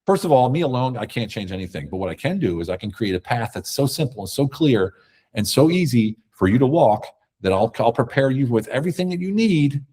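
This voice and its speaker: A man guest in a conversational interview, talking emphatically and telling animated stories. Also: medium pitch, a little fast, husky. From America. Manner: emphatic, animated storytelling with acted quotes.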